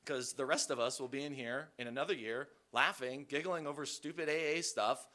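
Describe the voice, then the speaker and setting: A man with a bright, forward voice shares his recovery story with a group. He talks candidly and mocks himself, drifting loosely between thoughts with plenty of fillers. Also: mid-range voice, fairly even intonation, a little fast. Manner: candid and self-deprecating; loose and rambling, many fillers. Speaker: recovery meeting speaker. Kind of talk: personal recovery testimony.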